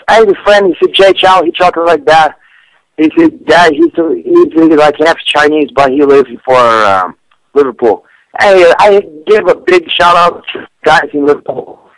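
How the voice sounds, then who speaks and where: A man, chatting on a comedic radio show in broken English, with lots of stammered restarts and sudden jumps in pitch. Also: a bit bright, no room sound, poor audio. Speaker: fight picks guest. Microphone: studio radio mic.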